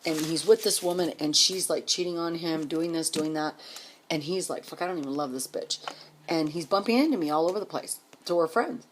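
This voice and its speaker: A woman telling her life story casually on a vlog, blunt and swearing freely, with quick emphatic bursts. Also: low-pitched, a little hiss or hum. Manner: rapid, emphatic delivery.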